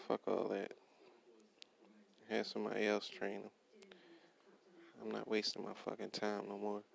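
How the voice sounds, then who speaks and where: A young man rants bluntly about his workday in a low, gravelly voice. His pitch barely moves, so the swearing comes out flat and steady. He keeps repeating himself and quoting his own comebacks. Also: rough recording. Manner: blunt, profane, repetitive, quotes himself. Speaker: worker ranting about his job. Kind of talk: profane casual rant.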